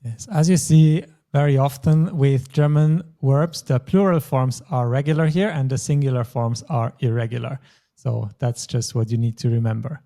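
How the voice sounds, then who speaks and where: A man's voice: mid-range voice, steady tone, normal speed, vocal fry, mellow. A man teaching a German lesson, explaining grammar patiently step by step. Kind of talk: language lesson.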